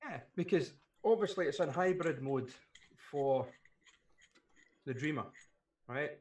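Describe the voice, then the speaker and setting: A man's voice: a little high, lively intonation, unhurried, darkish tone. A British man co-hosting a casual live stream, chatty and rambling, often repeating his words. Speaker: co-host.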